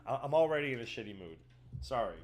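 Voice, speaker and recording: Fast-talking with lively intonation in a mid-range voice, a male streamer rambles through casual chat. He's emotional and tearful, nearly crying, and curses heavily.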